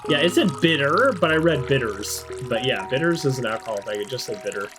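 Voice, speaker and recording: Lively, chatty man playing a game. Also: mid-range voice, fairly quick. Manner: chatty, amused, thinks aloud. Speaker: game streamer. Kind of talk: let's play commentary. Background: game music.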